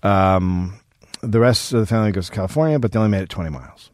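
Man, low voice, lively pitch, casual profane storytelling, dry close mic. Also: rapid-fire, no echo. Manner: profane, laid-back, hesitant with frequent "um". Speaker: comedy podcast co-host telling a history story.

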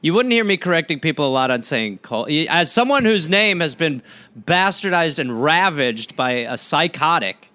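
A middle-aged man co-hosting a comedy podcast, riffing loudly and indignantly with plenty of profanity. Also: on the high side, big pitch swings, moderate pace, dry recording. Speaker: comedian co-host. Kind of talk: casual comedic banter.

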